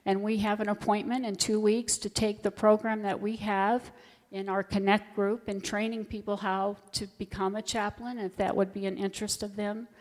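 A woman's voice: mid-range voice, flat delivery, moderate pace, darkish tone. Earnest woman speaking in a reverberant church. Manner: earnest, heartfelt storytelling. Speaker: volunteer hospital chaplain. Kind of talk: church testimony talk.

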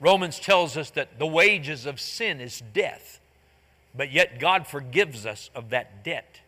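A man's voice: on the high side, expressive, slow, bright, forceful tone, long reverb tail. A man preaching a sermon, retelling a parable in plain modern speech and briefly acting out its characters. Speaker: pastor. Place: church sanctuary.

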